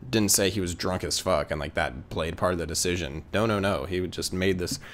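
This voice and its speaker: A man's voice: sits low, fairly quick, a bit bright, a little hiss or hum. A young man telling a story casually, rambling with lots of fillers and swearing. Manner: rambling, filler-heavy, profane. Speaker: vlogger.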